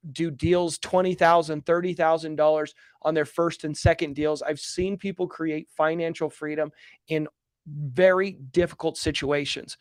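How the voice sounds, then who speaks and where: A man's voice: a little high, dry recording. A man hosting a live question-and-answer stream as a coach, speaking in an earnest, emphatic motivational style and repeating phrases for effect.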